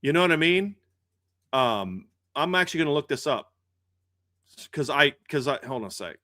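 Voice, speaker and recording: A man's voice: fairly high pitch, sing-song, normal speed, sharp tone, no echo, clean studio sound. A man hosting a sports podcast, ranting in a heated, indignant way and often restarting his words. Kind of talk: casual podcast rant.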